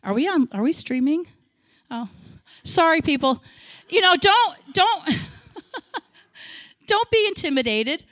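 A woman missionary giving a sermon, telling stories with feeling, breaking into shouted praise and chatty asides. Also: sits high, big pitch swings, slow pace, pauses often, dry recording, studio quality. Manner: emotional storytelling, bursts into loud shouted praise; chatty, self-interrupting asides. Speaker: missionary speaker.

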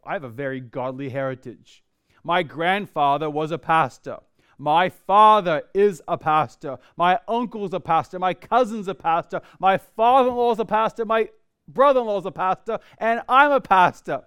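A man preaching a sermon as pastor to a congregation in church, emphatic, and slowing down when he reads scripture aloud. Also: high-pitched, fairly bright tone, smooth. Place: church before a live congregation.

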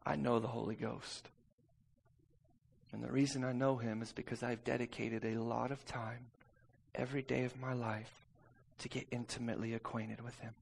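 A man preaching a sermon, telling a personal story and calling out to the congregation for responses, moving from quiet talk to shouting. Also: medium pitch, little pitch movement, moderate pace, vocal fry, a little hiss or hum. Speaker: pastor.

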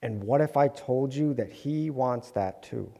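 A man's voice: medium pitch, a little slow, vocal fry, mellow. A man delivering an earnest sermon to his congregation, with light humorous asides. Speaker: preacher. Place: church sanctuary. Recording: long hall reverb.

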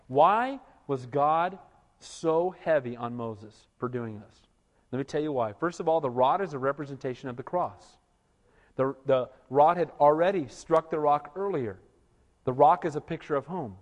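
A male pastor preaching an animated sermon, often asking his congregation "Amen?" for a response. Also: a little high, normal speed, in a large hall.

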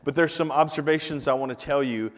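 A man's voice: on the high side, brisk. Preaching man in a reverberant hall. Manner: emphatic preaching, repeating phrases and building to loud climaxes; informal asides to the congregation and tech team. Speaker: pastor. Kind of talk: sermon. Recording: long reverb of a large hall.

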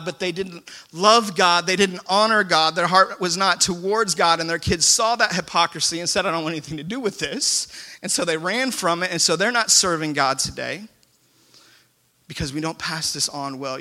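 A man preaches to his congregation in a church, slightly higher-pitched than most men. His voice is bright and pushing, and he tells stories in an easy, self-mocking way. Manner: conversational, self-deprecating storytelling. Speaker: pastor. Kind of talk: sermon. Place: church sanctuary before a congregation.

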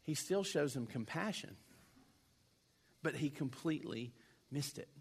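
A man's voice: a little high, expressive, measured pace, vocal fry, breathy edge. A man preaching a sermon in a conversational way, acting out quoted voices now and then. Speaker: pastor.

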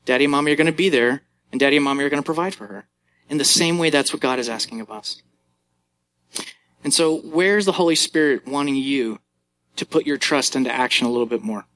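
A man's voice: mid-range voice, fairly quick, fairly bright tone. A pastor in his thirties preaching a sermon, conversational and telling family stories.

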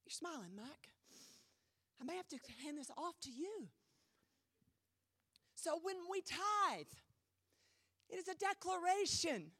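A woman pastor preaching a sermon in a church, emphatic with dramatic pauses, her voice a little strained. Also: very high-pitched, sing-song, bright, forceful tone, no room sound. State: voice trouble, slightly strained.

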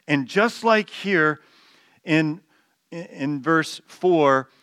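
A man's voice: on the high side, animated, drawn-out words, a bit bright, clear, resonant tone, no room sound, studio quality. A man preaching a sermon, explaining a text with emphatic stress on key words and some restarts. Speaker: pastor.

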